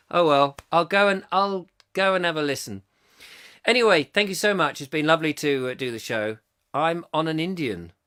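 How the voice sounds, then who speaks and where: A man's voice: a little high, bright, forceful tone, clear, resonant tone. A man from southern England hosting a live comic chat show, giggly, rambling and self-mocking as he reads out viewer comments. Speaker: host.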